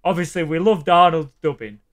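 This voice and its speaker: A man's voice: on the high side, brisk. A man in casual chat with friends, enthusiastically retelling film scenes and laughing. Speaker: podcast co-host.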